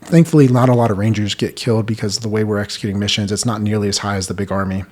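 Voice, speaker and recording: A man's voice: lowish voice, fairly even intonation, very fast, darkish tone. A man in his thirties, a podcast host, candidly telling a personal story in an earnest, rambling way full of "like". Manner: earnest, rambling, heavy use of "like".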